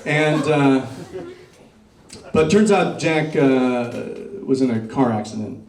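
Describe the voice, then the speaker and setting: A middle-aged man performing a stand-up comedy set, doing crowd work and dropping deadpan dark punchlines on a club stage. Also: mid-range voice, takes it slowly. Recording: roomy club sound, mic picked up from a distance.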